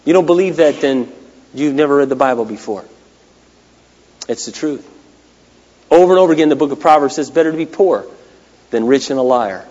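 A man preaching a sermon, swinging between loud cries and hushed, quiet lines. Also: medium pitch, expressive, a little fast, long pauses. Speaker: pastor. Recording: long hall reverb.

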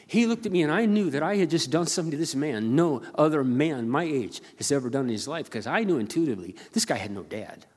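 An older man preaching as a pastor, telling a story earnestly and haltingly, often repeating his words. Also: fairly high pitch, expressive, darkish tone, slightly rough. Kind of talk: sermon storytelling. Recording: long reverb of a large hall.

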